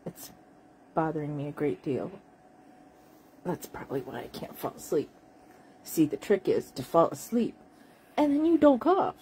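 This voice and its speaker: A tired woman with a cough, talking in a slow, halting late-night monologue to her viewers. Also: deep voice, dark tone, slight background noise, rough recording. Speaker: vlogger.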